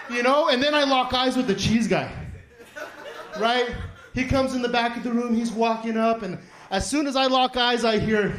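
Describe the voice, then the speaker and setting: Profane high-voiced man doing stand-up. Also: normal speed, reverberant, a little hiss or hum. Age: 40s. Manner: profane, rambling, acts out quoted voices. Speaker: stand-up comedian. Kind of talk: stand-up set. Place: small comedy studio stage.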